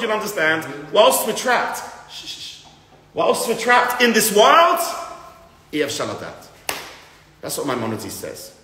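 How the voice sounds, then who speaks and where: A lively man gives a spirited lecture to a room of listeners. His voice is bright and high-pitched, and his pitch swings widely. He jumps between loud emphatic bursts and low, quiet asides, and a long echo rolls around the big hall. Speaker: rabbi teaching a class. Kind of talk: lively lecture to a live group. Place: large room with an audience. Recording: roomy hall with long reverb.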